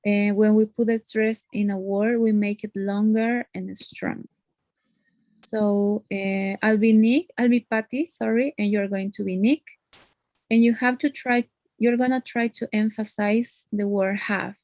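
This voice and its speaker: A woman's voice: mid-range voice, steady tone, a little slow, a little mellow, no echo. Patient woman teaching English one-on-one. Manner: explains patiently, often adds "no?" as a tag. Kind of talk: one-on-one online lesson.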